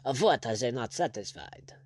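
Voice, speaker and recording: A man's voice: mid-range voice, expressive, moderate pace, a little mellow, natural voice. A man voicing a haughty, arrogant French baron general, speaking with cold disdain. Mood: disdainful. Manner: disdainful, icy, angry.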